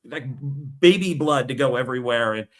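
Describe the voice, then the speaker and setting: A man's voice: medium pitch, moderate pace, a bit bright. Man, co-host, casual movie talk, joking, stumbles over words. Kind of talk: casual chat about movies.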